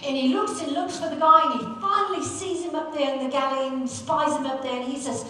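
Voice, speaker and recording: A woman's voice: sits high, quick pace, pushed and bright, heavy reverb, far from the mic, a little hiss or hum, rough recording. A female comedian telling stories on stage in a theatrical way, sometimes singing bits of song. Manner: theatrical, sings snatches of song, laughs often. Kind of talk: stand-up storytelling in character.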